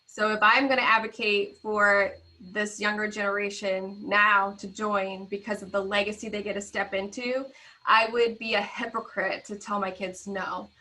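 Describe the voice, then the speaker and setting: Bright enthusiastic woman, guest on a video call interview, chatty storytelling. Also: mid-range voice, level tone, normal speed, rough recording. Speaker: guest, podcast founder.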